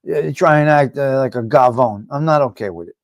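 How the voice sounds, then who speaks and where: A man's voice: medium pitch, a little fast, dry recording. A man hosting a live stream, ranting bluntly and profanely to his viewers and repeating himself. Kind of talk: casual ranting chat with viewers.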